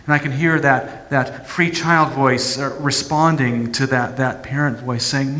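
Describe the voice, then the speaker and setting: A male pastor giving a reflective sermon, halting with restarts, in a church sanctuary. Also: mid-range voice, steady tone, sharp tone. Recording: long church hall reverb.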